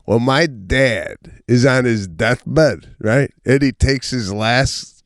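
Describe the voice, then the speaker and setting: A man's voice: medium pitch, takes it slowly, no room sound, clean studio sound. A middle-aged man co-hosting a podcast in casual chat, telling family stories and acting out the quotes. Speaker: podcast co-host.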